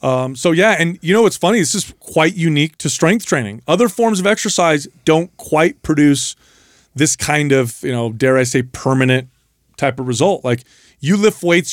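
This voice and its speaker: A man's voice: a little high, no echo. Man on a dry studio mic, explaining. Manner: explains and retells stories with emphasis. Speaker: podcast co-host. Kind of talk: casual fitness podcast talk.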